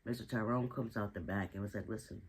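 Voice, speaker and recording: A man's voice: fairly low pitch, steady tone, fast, husky, rough recording. A man giving a casual, slangy recap of a TV drama episode, telling the story with chatty asides. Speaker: TV show recap host.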